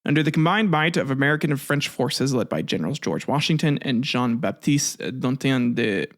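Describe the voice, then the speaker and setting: A man's voice: medium pitch, lively intonation, moderate pace. A man narrating history in a casual, offhand way, with jokes, asides and some swearing. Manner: offhand, joking, swears, restarts words. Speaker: history video host.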